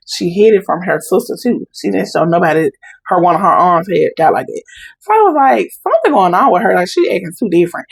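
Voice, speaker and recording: A woman's voice: fairly low pitch, fast, vocal fry, husky, no echo, poor audio. A young adult woman, a podcast guest, animatedly retelling a family story and acting out the voices in it. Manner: animated retelling with quoted dialogue in Southern Black vernacular. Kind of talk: casual storytelling.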